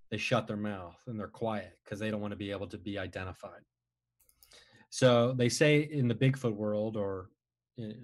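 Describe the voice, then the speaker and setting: A man casually telling a long personal story, rambling with frequent restarts and animated retellings. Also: medium pitch. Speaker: guest storyteller.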